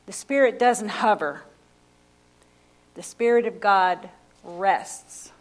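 A woman preaching a sermon, slow and emphatic, repeating key phrases and asking the congregation questions. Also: medium pitch.

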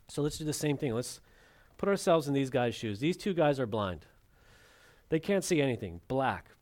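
Dramatic preacher swinging loud to hushed. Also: male voice, mid-range voice. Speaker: pastor. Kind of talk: sermon.

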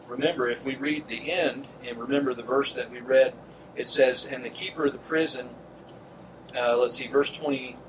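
A man preaching an expository Bible sermon, earnest and emphatic, repeating key phrases and speaking directly to his listeners. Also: medium pitch. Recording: distant mic with steady air-conditioner hum.

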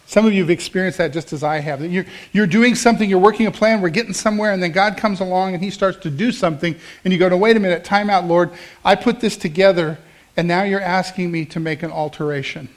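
A middle-aged man preaching from the pulpit, with a voice that sits a little high for a man. He tells his sermon as a personal story and slips into the voices of the people he quotes. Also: quick pace, few pauses. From American Midwest. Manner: storytelling, acts out quoted dialogue, conversational. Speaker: pastor.

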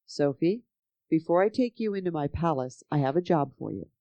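A storyteller voicing a kind male king who speaks gently and reassuringly. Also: mid-range voice, animated, normal speed, no echo, dull audio, close to an everyday voice. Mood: gentle.

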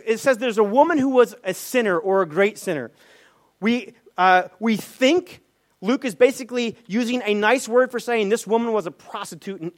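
Male pastor, very high voice, sermon delivery, asks questions and acts out quotes.

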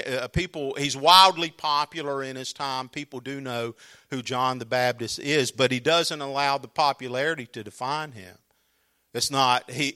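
A man's voice: medium pitch, bright, forceful tone. A man preaching a sermon as pastor, earnest and emphatic, often restarting his sentences.

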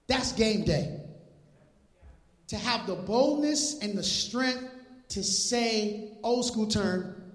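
A male pastor preaching an animated, joking sermon in casual slang, retelling scripture. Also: high voice, slow. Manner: animated, jokey, laughs at his own lines. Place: church sanctuary. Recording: echoey hall.

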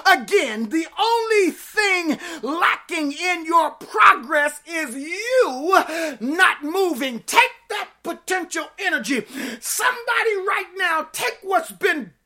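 A woman pastor in her fifties preaching a sermon, shouting fervently and laughing often. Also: very high voice, big pitch swings, slow. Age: 50s.

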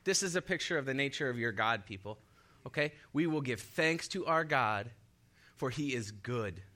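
A man's voice: mid-range voice, expressive, moderate pace, pushed and bright. A young man preaching a sermon in an upbeat way, laughing often and leading the congregation in call-and-response. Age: young adult.

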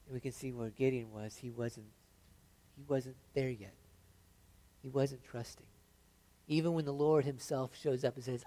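A man preaching a sermon, reading scripture aloud with rising intensity and dropping to soft confiding asides, often stammering and restarting. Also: medium pitch, steady tone, normal speed, long pauses. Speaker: pastor.

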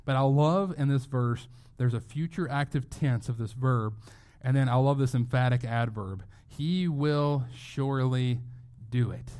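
A mid-pitched man preaches a sermon to his congregation. He speaks earnestly and leans hard on key phrases. He often stops and restarts his sentences as he goes. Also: normal speed, a little mellow. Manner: earnest, emphatic, with frequent restarts. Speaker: pastor.

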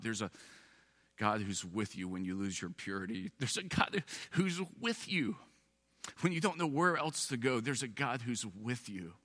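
Bright-voiced pastor man preaching in a hall. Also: lowish voice. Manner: earnest storytelling, rising to emphatic peaks. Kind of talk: sermon.

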